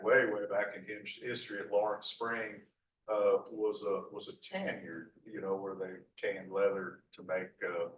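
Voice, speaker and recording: A man's voice: fairly low pitch, a little hiss or hum. A middle-aged man giving a rambling, folksy local history talk over slides. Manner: folksy, rambling, full of 'uh' restarts. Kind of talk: slide lecture with asides. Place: lecture hall. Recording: echoey hall from far off.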